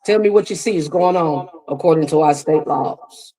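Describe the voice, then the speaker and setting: A woman's voice: sits low, normal speed, a crowd in the background, rough recording. A woman hosting live reaction commentary, emphatic and repetitive, speaking straight to her viewers. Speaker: commentary host.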